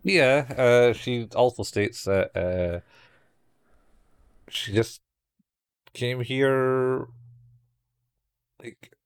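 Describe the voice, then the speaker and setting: A man's voice: medium pitch, drawn-out words, pauses often, clean tone, no echo, studio quality. A man chatting casually as a podcast co-host, recapping a show and swearing freely. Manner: laid-back, swears casually, acts out characters' lines.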